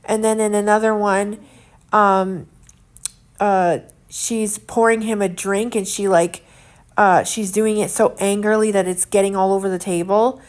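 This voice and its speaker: A woman's voice: medium pitch, flat delivery, unhurried. A young woman vlogging at home in casual chat, earnest and indignant, rambling with lots of fillers as she talks.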